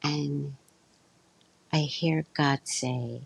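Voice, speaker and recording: A woman's voice: low-pitched, very animated, a little slow, gravelly, breathy edge, muffled recording. A woman telling a story to her viewers in a casual, blunt, profane way. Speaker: vlogger.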